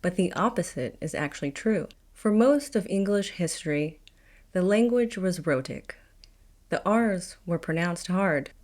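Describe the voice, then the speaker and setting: A woman from Appalachia with an Appalachian accent, narrating a scripted educational video in a wry, confident storytelling manner. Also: on the low side. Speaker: video host.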